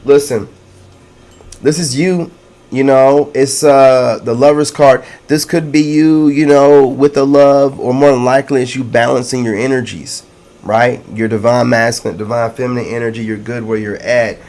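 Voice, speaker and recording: A man giving a casual tarot reading to his viewers, excitable and slangy, repeating catchphrases and calling out to the audience. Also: medium pitch, normal speed. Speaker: tarot reader.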